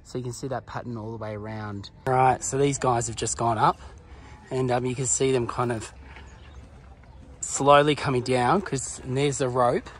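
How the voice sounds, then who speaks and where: A man's voice: mid-range voice, steady tone, normal speed, slight background noise. A man narrating a casual travel vlog outdoors at a pyramid site, chatty and laughing often, out of breath from the climb. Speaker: travel vlogger.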